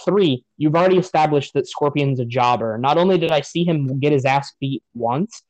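A man's voice: fairly high pitch, normal speed, darkish tone, no echo, low-quality recording. A man on a podcast giving a profane, sarcastic rant about a movie in casual chat. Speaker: podcast host.

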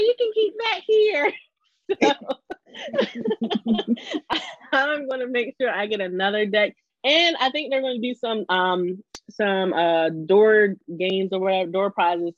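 A woman's voice: lowish voice, no room sound. Chatty woman podcast host, dry and dull sound. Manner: chatty and effusive, frequent laughs and quoted asides. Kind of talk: casual podcast chat.

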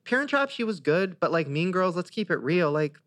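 A man hosting a podcast, chatting in an animated, gossipy way and swearing freely. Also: high voice, fairly quick. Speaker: podcast host. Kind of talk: casual chat.

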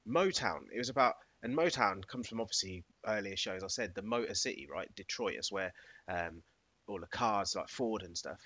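A man's voice: lowish voice, normal speed, pushed and bright, dry recording, highs cut off. A man, casually chatting on a podcast, laid-back and slangy, often laughing. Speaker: podcast co-host. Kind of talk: casual chat.

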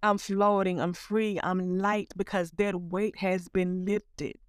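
Woman, earnest testimony speaker, warm direct address; smooth tone, mid pitch. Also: level tone, slow pace, no room sound, clean studio sound. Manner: earnest, calls the listener honey. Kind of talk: personal spiritual testimony.

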